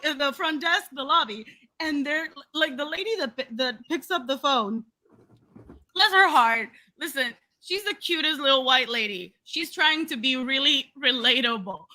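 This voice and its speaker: A young woman co-hosting a podcast, telling a story in casual chat, animated and laughing, acting out other people's voices. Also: high-pitched, moderate pace. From Latina. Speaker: podcast co-host.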